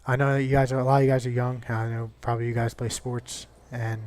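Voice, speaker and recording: A man's voice: mid-range voice, flat delivery, fast, darkish tone, slight background noise. A young man chatting casually over gameplay, rambling and swearing with lots of restarts. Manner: rambling and profane, many restarts.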